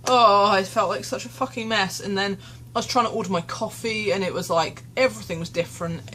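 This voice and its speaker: A woman's voice: medium pitch, steady tone, a little fast, sharp tone, slight background noise. A young woman vlogging candidly into her phone, rambling and self-deprecating, tearful and shaken. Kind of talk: candid confessional vlog. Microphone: phone camera.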